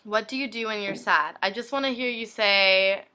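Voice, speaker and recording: A woman's voice: medium pitch, moderate pace, pushed and bright, clear, resonant tone. A young woman blogger reading inbox messages aloud one after another, in a plain reading manner. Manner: reads each message in turn, plainly.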